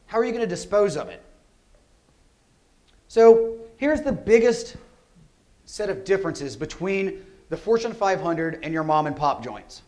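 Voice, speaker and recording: A man giving a security conference talk, energetic and conversational, often asking rhetorical questions. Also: sits high, unhurried, long pauses. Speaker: conference speaker. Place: conference hall.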